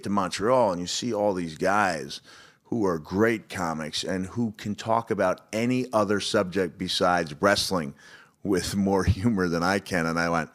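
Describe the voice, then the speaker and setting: A middle-aged man with a low, deep voice talks as a podcast guest. He tells loose, winding stories, stumbles through restarts and laughs along the way. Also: moderate pace, a bit bright. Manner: rambling storyteller with frequent laughs and restarts. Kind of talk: casual chat.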